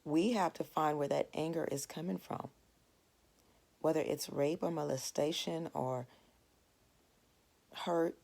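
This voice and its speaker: A woman in her forties gives a devotional Bible lesson in a low voice with a gravelly grain. She talks in a plain, earnest, conversational way and draws her point out of everyday family life. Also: fairly even intonation, slow, pauses often, a little mellow. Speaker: Bible study teacher.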